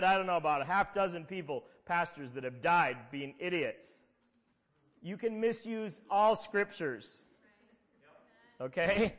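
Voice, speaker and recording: High-voiced pastor in a hall. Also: male voice, fairly bright tone. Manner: conversational storytelling with emphatic repetitions. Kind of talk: sermon. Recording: long hall reverb.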